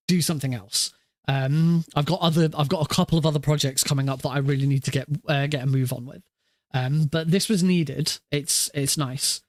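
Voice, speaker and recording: A man's voice: a little high, dry recording, studio quality. A man streaming a speedrun who chats casually, thinks aloud and often restarts his sentences. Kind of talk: casual live-stream chat.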